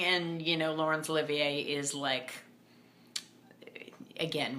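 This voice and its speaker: Young female book vlogger, lower-pitched but bright tone, animated casual delivery. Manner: chatty and animated, with playful emphasis and quick asides. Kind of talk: casual chat.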